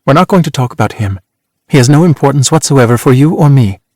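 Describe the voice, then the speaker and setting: A man doing a worldly ex-actress who teases and cuts, brisk and sharp-tongued. She sounds close and dry, with no room around her, a woman from a storybook reading. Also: mid-range voice, expressive, no echo, natural voice. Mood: teasing. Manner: teasing, brisk and cutting.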